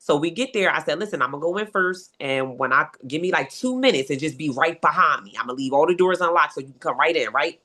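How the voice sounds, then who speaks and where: Animated woman telling her story. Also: sits low, fast talker, few pauses. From Philadelphia. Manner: animated storyteller, acts out voices in her retelling. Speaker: podcast guest. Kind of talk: storytelling interview.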